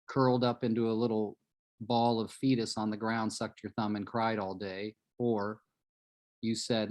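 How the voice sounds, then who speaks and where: A man's voice: lowish voice, a little mellow. A man coaching on a live call, earnest and emphatic in a motivational way. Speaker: real estate coach.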